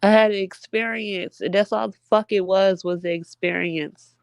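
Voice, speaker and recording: A woman's voice: mid-range voice, fairly even intonation, normal speed, dry recording, clean studio sound. A young woman venting to her viewers in a casual, emphatic heart-to-heart, addressing them as y'all. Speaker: vlogger.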